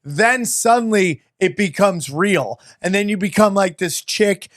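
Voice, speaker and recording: A man's voice: high voice, lively intonation, unhurried, fairly bright tone, no echo, studio quality. A man hosting a podcast, chatting casually and rambling with restarts. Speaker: podcast host.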